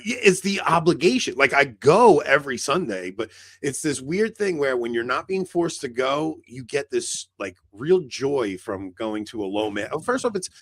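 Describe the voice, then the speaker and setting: A man's voice: mid-range voice, very animated, moderate pace, hardly any pauses, fairly bright tone, no room sound. A man co-hosting a podcast in casual chat, telling a long rambling story full of "like" fillers and acted-out dialogue. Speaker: podcast co-host.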